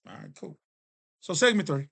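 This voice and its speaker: A man hosting a casual vlog, talking straight to the camera. He tells stories in an animated, joking, self-deprecating way, his voice sitting a bit high for a man. The sound is dry and close, with no room echo. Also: moderate pace, creaky. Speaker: vlogger host.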